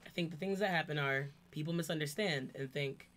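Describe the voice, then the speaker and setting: A woman hosting a casual chat, talkative and quick with asides. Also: deep voice, fairly bright tone, a little hiss or hum. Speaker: channel host.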